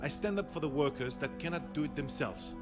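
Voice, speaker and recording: An actor playing a grandiose union leader with an odd foreign-sounding accent, speechifying over game music. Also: male voice, a little high, lively intonation, a little fast, lightly acted. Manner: self-important, speechifying.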